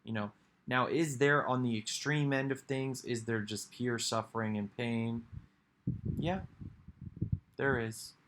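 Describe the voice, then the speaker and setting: A man's voice: medium pitch, steady tone, unhurried, pauses often, fairly bright tone, slight background noise. A man giving a rambling, reflective monologue for his video, musing aloud with sighs and restarts. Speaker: video creator.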